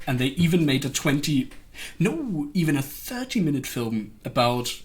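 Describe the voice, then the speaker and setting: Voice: mid-range voice, sing-song, measured pace, slight background noise. A livestreamer chatting casually and rambling, with frequent giggles between sentences. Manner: rambling, gushing about a web series. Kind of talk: casual stream chat.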